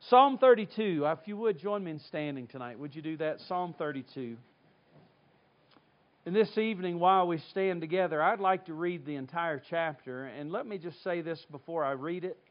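A middle-aged man from North Carolina preaching, telling a personal story in a folksy, animated way before reading scripture. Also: on the high side, moderate pace. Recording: dull lo-fi sound.

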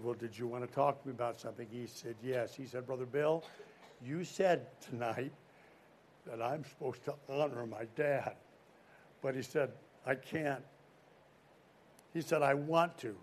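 A man preaching a sermon to young people, telling a story and asking the crowd questions, swinging from loud emphasis to quiet. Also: medium pitch, slight background noise.

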